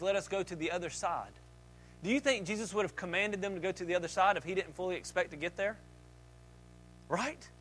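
A man preaching a sermon as pastor, with lively delivery that swings between loud, fervent passages and quiet asides, acting out voices and joking with the congregation. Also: high voice. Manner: dynamic preaching, acts out disciples' voices, jokes.

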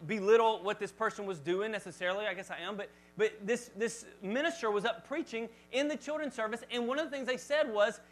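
A male pastor preaching a sermon to his congregation in church, talking in a lively, chatty way and joking with the crowd. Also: high-pitched, low-quality recording. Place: church service before a congregation.

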